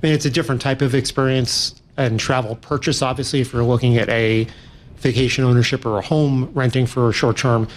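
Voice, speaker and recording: A man answering interview questions as an industry analyst, in a measured way with frequent restarts. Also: medium pitch, steady tone.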